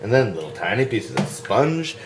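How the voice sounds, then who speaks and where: Low-voiced podcast guy cracking jokes, pitch jumps all over, clear noise behind him. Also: very animated, normal speed. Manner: goofy, joking, sing-song bits. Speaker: podcast host. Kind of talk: casual comedic chat.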